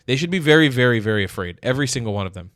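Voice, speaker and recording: A man hosting his own channel, giving blunt, profane, excitable reaction commentary. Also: mid-range voice, racing, dry recording, studio quality. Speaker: political commentator, channel host.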